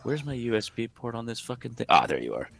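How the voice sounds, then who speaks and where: A man playing a tabletop game, excitable and swearing freely. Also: medium pitch, fast talker, gravelly. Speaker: player. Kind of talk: casual chat at a tabletop game.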